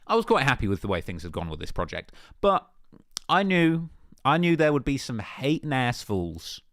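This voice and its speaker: Brief: young male YouTuber, cocky and jokey, swings his pitch a lot, dry close recording. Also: very animated, moderate pace, fairly bright tone, no room sound. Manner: mock-boastful, joking, slang-heavy. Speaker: YouTuber in a played clip. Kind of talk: casual vlog talk.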